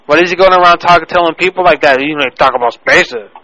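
A man's voice: a little high, quick pace, pushed and bright, dry recording, dull audio, voice pushed up. A man playing a touchy adult male prank caller who keeps taking offense and repeats himself. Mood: indignant. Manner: indignant, repetitive, picks fights over words. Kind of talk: prank phone call.

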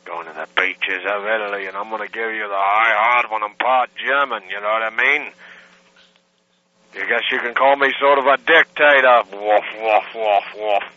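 A man's voice: fairly low pitch, fairly even intonation, moderate pace, no room sound, natural voice. A man putting on a crude, boastful persona while leaving a prank voicemail message, woofing between lines. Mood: leering. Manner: crude, barking repeated woofs. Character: leering, boastful man caller. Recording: dull lo-fi recording.

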